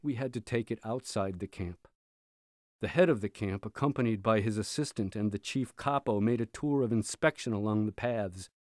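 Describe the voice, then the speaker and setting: A man reading a memoir aloud in a measured, steady storytelling voice. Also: fairly low pitch, no room sound, studio quality. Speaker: reader.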